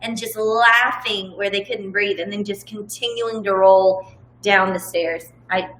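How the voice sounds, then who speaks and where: A woman's voice: medium pitch, fairly even intonation, a little slow, a bit bright, reverberant, a little hiss or hum, low-quality recording. A woman co-hosting a live show at home, telling stories with dry, understated remarks. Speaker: co-host. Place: indoors at home.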